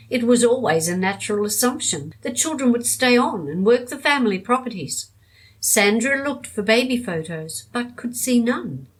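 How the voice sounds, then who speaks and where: Woman narrating an audiobook, measured. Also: mid-range voice, slightly rough, low-quality recording.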